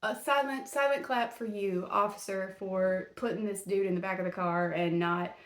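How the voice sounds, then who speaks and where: A woman's voice: medium pitch, steady tone, moderate pace. A woman hosting a true-crime podcast, blunt and indignant as she scolds the accused directly in casual commentary. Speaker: podcast host. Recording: roomy echo.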